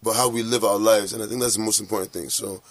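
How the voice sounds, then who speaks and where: A man's voice: lowish voice, fairly even intonation, fast talker, no echo. A man in his thirties from Nigeria, with a partly American-sounding Nigerian accent, earnestly recalling family loss as an interview guest. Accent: American-influenced Nigerian English. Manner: reflective, emotional, earnest. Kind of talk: personal interview recollection.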